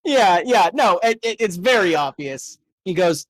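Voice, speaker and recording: A man's voice: high-pitched, expressive, measured pace, hardly any pauses, a bit bright, dry recording. Enthusiastic game master man. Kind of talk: narrating a tabletop game.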